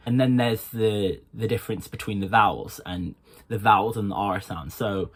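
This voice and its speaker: A man's voice: on the low side, moderate pace. A man with a Birmingham accent giving a casual accent tutorial, talking loosely with lots of ums and stopping to demonstrate sounds. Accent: Birmingham English. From England. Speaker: accent coach.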